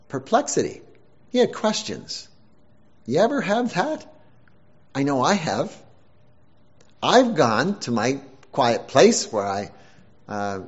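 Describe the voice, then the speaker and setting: A man preaching a sermon in an unhurried, halting way, with fillers and self-deprecating humor. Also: mid-range voice, breathy edge, dull audio.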